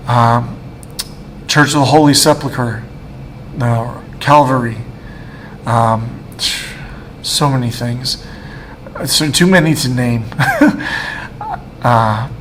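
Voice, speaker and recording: Halting emotional man giving testimony. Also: mid-range voice, fairly bright tone, a little hiss or hum. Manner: halting, emotional, frequent restarts. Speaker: guest speaker. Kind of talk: personal testimony.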